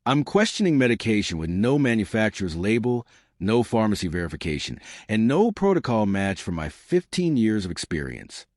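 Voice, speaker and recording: A man's voice: fairly low pitch, big pitch swings, moderate pace, a little mellow, no echo, studio quality. A man voicing an experienced woman nurse who speaks in a firm, precise, controlled way.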